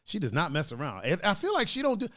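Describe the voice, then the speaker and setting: A man co-hosting a casual podcast, joking around, laughing often and slipping into quick mock voices. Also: sits high, huge pitch swings, pushed and bright, no echo, studio quality. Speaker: podcast co-host.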